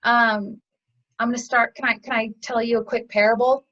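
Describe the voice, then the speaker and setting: A yoga teacher with a fairly high voice tells a parable conversationally in an interview, sharing a lesson at normal speed. She's animated and chatty, sprinkling in small fillers. The audio is a little muffled and lo-fi.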